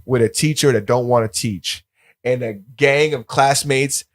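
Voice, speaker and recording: A man's voice: mid-range voice, a little slow, no room sound. A young man co-hosting a podcast in casual banter, rambling and laid-back with lots of fillers. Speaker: podcast co-host.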